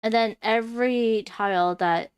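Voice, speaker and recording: Slow-talking woman chatting over a board game. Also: a little high, clear, resonant tone, no room sound. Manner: chatty, thinks aloud with fillers. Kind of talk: casual gameplay chat.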